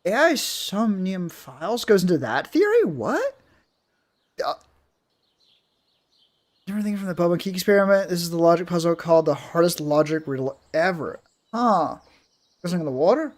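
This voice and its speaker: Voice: medium pitch, expressive, moderate pace, long pauses. A game streamer chatting casually with viewers while playing, rambling and swearing freely. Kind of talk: casual live-stream chat while gaming.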